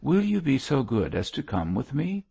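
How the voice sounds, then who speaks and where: A man's voice: mid-range voice, wildly swooping pitch, vocal fry, mellow, slightly rough, dull audio, voice pushed up, heavily acted. A man voicing a suave old bishop. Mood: strained polite. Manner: suave, polite, hurried. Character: suave shaken older male bishop.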